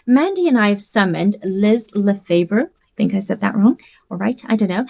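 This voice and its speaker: A woman hosting a podcast, reading a scripted introduction with lively rising emphasis. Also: fairly high pitch. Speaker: podcast host.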